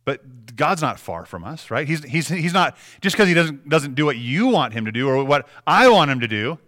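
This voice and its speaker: A man's voice: a little high, very animated, normal speed, fairly bright tone. A man preaching a sermon and reading scripture in an earnest, conversational way to his congregation. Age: adult with young children. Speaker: pastor.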